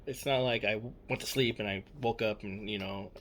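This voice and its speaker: A man's voice: on the low side, fairly even intonation, fairly quick, a bit bright, slight background noise. Young man, casual storyteller; loose, repetitive, swears a lot. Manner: rambling, repeats himself, many fillers and swearing. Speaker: storyteller recounting a personal experience. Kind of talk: casual spoken account.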